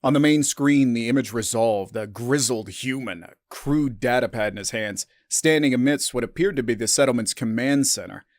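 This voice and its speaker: A man reads a science-fiction story in a measured, subdued narration. His voice sits at an ordinary middle pitch. The sound is dry and close, with no room around it. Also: no echo. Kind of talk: scripted sci-fi story narration.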